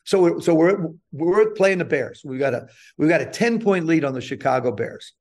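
Older guy spinning a funny story, acts out the lines, voice sits a bit high. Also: moderate pace. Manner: animated, self-deprecating storyteller who acts out quotes. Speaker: guest. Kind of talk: storytelling interview.

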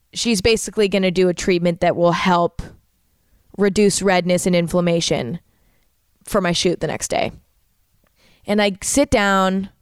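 A woman's voice: fairly low pitch, clean tone, dry recording, studio quality. A woman in her twenties, a content creator, telling a personal story to camera in a candid, emotional way with casual swearing.

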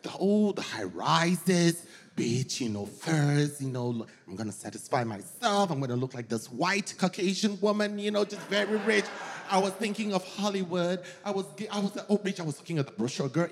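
Sassy flamboyant comedian with a high voice. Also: male voice, animated, moderate pace. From West Africa. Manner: sassy, flamboyant, calls the crowd honey and girl. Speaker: stand-up comedian. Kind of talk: stand-up comedy set. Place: large theater with live audience. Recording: long hall reverb, loud crowd.

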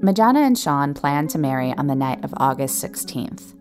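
A woman's voice: deep voice, sing-song, moderate pace. A woman hosting a podcast, giving scripted narration with a wry storytelling delivery. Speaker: podcast host. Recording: narration over background music.

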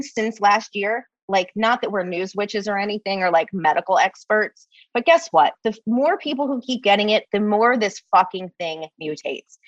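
A woman's voice: mid-range voice, dry recording, highs cut off. A woman co-hosting a podcast, talking casually in a heated, profane rant. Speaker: podcast co-host. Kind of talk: casual chat.

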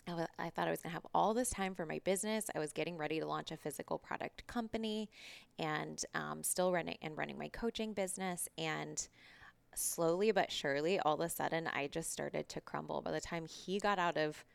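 Low gravelly-voiced woman telling her story. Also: fairly quick, no room sound. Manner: candid, swears freely, acts out past conversations. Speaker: podcast guest. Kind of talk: casual interview storytelling.

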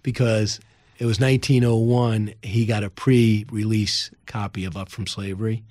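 A man's voice: lowish voice, moderate pace, dry recording, clean studio sound. A man, an author on a podcast, telling a story with energy and acting out what people in it said. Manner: energetic, acts out quoted speech in the story. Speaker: author guest. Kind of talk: animated storytelling in a podcast interview.

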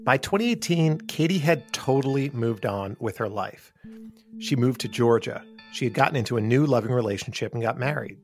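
A man host giving measured, grave narration of a true story. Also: mid-range voice, expressive, soft background music. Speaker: podcast host. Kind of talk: scripted narration.

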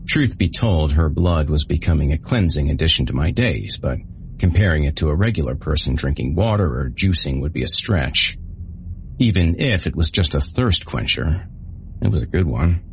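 A man with an extremely deep, low voice reads a first-person story in a dry, sardonic tone. A faint hiss of background noise sits under the recording. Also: lively intonation, normal speed. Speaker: narrator.

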